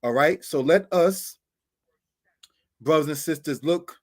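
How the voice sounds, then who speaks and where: A man's voice: fairly high pitch, slow pace. Man teaching Hebrew, "brothers and sisters" style. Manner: repeats "brothers and sisters", steady explaining. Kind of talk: online Bible lesson with slides.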